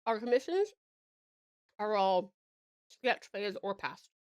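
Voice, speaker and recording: A woman's voice: medium pitch, animated, takes it slowly, smooth, muffled recording. A young woman from Australia chatting casually with her live-stream viewers while she works, giggling often. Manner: chatty, giggly, talks to chat while working.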